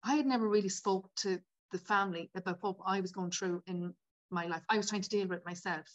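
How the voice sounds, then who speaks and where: The recording is muffled as a woman in her 50s talks fast, her medium-pitched voice fairly even in intonation. She's a podcast guest recounting her life emotionally and frankly, occasionally in tears, with many "like" fillers.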